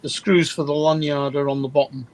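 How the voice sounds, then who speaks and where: A man's voice: fairly high pitch, little pitch movement, brisk, a little mellow, rough recording. A man in a live stream chat, explaining things matter-of-factly.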